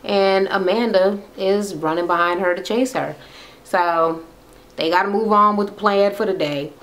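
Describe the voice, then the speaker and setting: A woman's voice: medium pitch, fairly even intonation, measured pace, fairly bright tone, rough recording. A woman giving a casual, profane recap of a reality show, blunt and sassy. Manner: blunt, sassy, swears freely.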